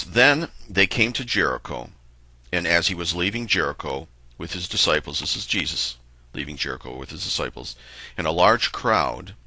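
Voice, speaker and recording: A man with a low, bright and forceful voice reads scripture and reflects on it. He talks earnestly and slowly, pausing between thoughts. The recording is dry and close. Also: no echo. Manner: earnest, slow and reflective with pauses. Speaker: lay preacher. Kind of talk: bible reading and devotional talk.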